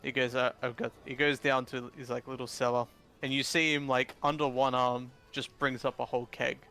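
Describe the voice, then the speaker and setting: A man narrating a tabletop game as dungeon master, casual and halting, restarting his sentences often. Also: medium pitch, level tone, sharp tone, clear, resonant tone, faint music behind.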